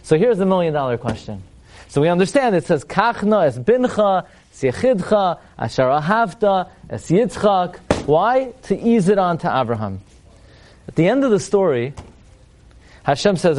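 A man's voice: high-pitched, big pitch swings, moderate pace, a little mellow. A man teaching a Torah class to a live audience, chanting Hebrew verses, then translating them, with wry rhetorical questions and humorous asides.

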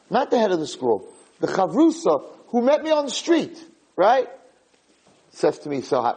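Husky American rabbi telling a story. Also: male voice, fairly low pitch, low-quality recording. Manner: animated storyteller, acts out the voices of the people in the story. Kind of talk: storytelling lecture.

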